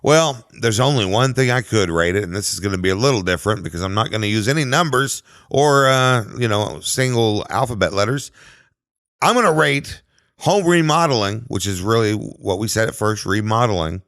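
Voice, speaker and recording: A man co-hosts a comedy podcast with a lively, swinging voice. He spins silly scenarios in an easy, playful way. The mic is close and dry. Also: on the low side, brisk, no echo. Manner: playful, jokey storyteller. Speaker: podcast co-host. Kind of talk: casual chat.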